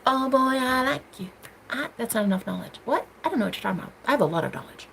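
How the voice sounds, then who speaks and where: Fast-talking and animated, the young American streamer has a highish voice with vocal fry, plus a slight hiss or hum in the audio. She casually reads out viewer comments, bubbly and giggly, teasing as she flips between loud squeals and soft murmurs.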